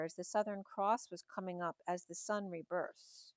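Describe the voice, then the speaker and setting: A woman's voice: fairly low pitch, fairly even intonation, moderate pace, few pauses, no room sound. Meandering middle-aged woman tarot reader. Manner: musing, meandering delivery linking numbers and symbols. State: slightly hoarse. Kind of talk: spiritual tarot reading.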